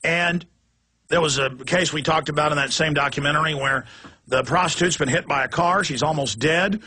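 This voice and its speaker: A man hosting a talk show, ranting passionately and rapidly. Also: a little high, pushed and bright, husky. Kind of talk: heated political talk.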